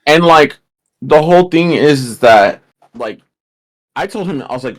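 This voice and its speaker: A man's voice: fairly high pitch, lively intonation, measured pace, pauses often, low-quality recording. A young man retelling a story in casual podcast chat, rambling with lots of fillers. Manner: rambling, lots of "like" and retold quotes. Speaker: podcast co-host.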